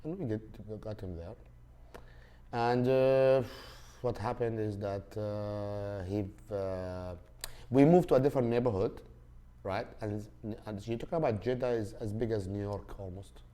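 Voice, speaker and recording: Speaking a little slowly in a lowish, mellow voice, a Saudi Arabian man hosts a podcast and shares a casual story. His delivery wanders, full of fillers and false starts.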